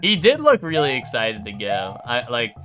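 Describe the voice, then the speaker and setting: A man streaming a video game, chatting casually and rambling with chat, swearing and often jumping up in pitch when excited. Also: moderate pace, slight background noise.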